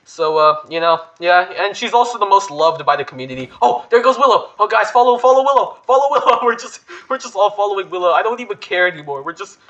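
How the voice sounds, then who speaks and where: A man hosting a gaming video, commenting excitably and panicking with repeated words. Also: high-pitched, fast talker, hardly any pauses, highs cut off.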